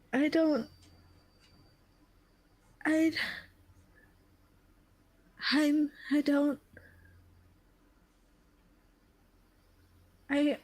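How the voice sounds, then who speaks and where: A woman voicing a grieving woman who sobs through halting, broken sentences. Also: high-pitched, no echo, pitched above the performer's own voice, poor audio. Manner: halting, broken sobbing speech. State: crying. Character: grieving woman, sobbing over lost kin.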